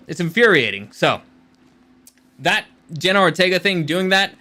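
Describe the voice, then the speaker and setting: A man's voice: high-pitched, big pitch swings, moderate pace, pushed and bright. A man hosting a channel and speaking as a screenwriter, giving casual rant-style commentary in a rambling, blunt way with free swearing.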